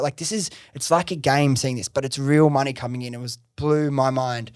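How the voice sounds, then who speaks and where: A man hosting a podcast, telling his startup story in casual chat, excitable, swearing freely and saying "like" a lot. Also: mid-range voice, brisk, few pauses, dry recording, studio quality. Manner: excitable, swears freely, heavy use of "like" and "bro".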